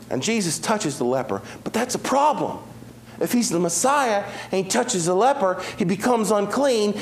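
A man preaching a sermon, telling Bible stories with lively swings between loud, fast passages and hushed, slow ones. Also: sits high. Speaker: pastor.

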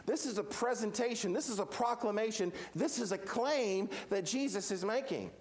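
High-voiced man preaching with emphasis. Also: moderate pace. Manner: emphatic, repetitive rhetorical questions. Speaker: pastor. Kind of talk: sermon.

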